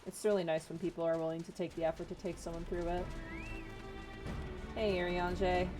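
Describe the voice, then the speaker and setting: A woman's voice: on the low side, level tone, brisk, music in the background. A woman streamer giving casual, joking commentary while playing a game. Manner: chatty, joking asides.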